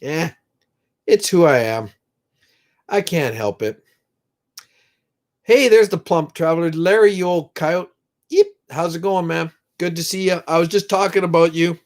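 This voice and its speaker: Livestream host, middle-aged man, rambling and heartfelt, slightly high voice with an unhurried delivery. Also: darkish tone. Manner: slow, rambling, emotional, prays aloud with viewers. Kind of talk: casual live chat reading comments.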